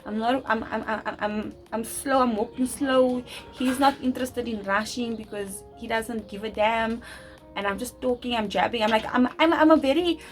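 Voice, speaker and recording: A young woman telling a personal story to camera, talking loud and fast with many restarts. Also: on the high side, faint music behind, rough recording. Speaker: vlogger.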